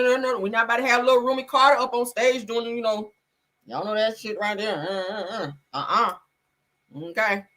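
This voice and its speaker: A woman's voice: mid-range voice, a bit bright. Sassy, emphatic woman streamer. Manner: sassy, emphatic, profane, addresses viewers. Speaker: streamer and commentary host. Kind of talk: casual commentary livestream.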